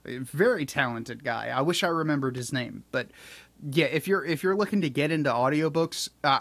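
A man's voice: mid-range voice, no echo. A man in casual podcast chat, talking in a rambling way with many fillers and restarts. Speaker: podcast co-host.

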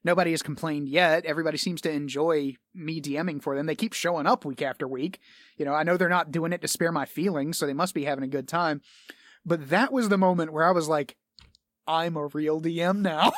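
Youngish guy rambling on his podcast, bit higher voice, swears n laughs a lot, dry close mic. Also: a bit bright, no room sound. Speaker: podcast host. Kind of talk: casual podcast monologue.

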